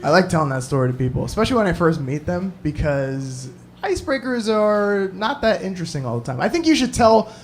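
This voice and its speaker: A man telling a stand-up comedy story, animated and prone to screamed impressions. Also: high-pitched, brisk, slight background noise.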